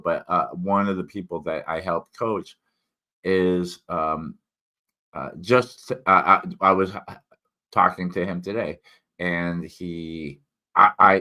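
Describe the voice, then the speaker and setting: A man's voice: deep voice, sharp tone. An American man, an independent author hosting a solo livestream, talking in a digressive way with many fillers and restarts, his enunciation slightly impaired after tongue cancer. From United States. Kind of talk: rambling solo livestream chat.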